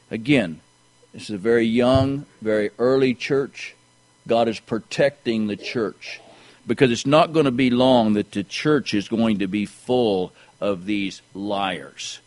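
A man's voice: unhurried, a little mellow, poor audio. A man preaching a sermon, reading scripture aloud and often repeating words as he restarts his thoughts. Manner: pitch jumps higher when pressing a point.

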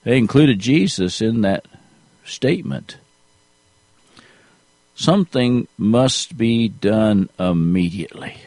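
A man preaching a sermon in a slow, deliberate way, rising to emphasis at key points. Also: fairly low pitch, animated, darkish tone, dry recording.

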